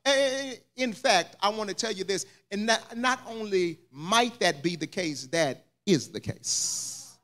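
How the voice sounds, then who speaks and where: High-voiced preacher telling a story. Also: male voice, expressive, takes it slowly. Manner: storytelling preacher, builds to fervent shouting. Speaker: pastor. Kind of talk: sermon. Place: church sanctuary.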